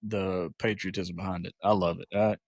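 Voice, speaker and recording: A man co-hosting a podcast in relaxed casual chat, enthusiastic with lots of hesitant fillers. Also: sits low, normal speed, gravelly, breathy edge, no echo. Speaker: podcast co-host. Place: podcast studio filmed on camera.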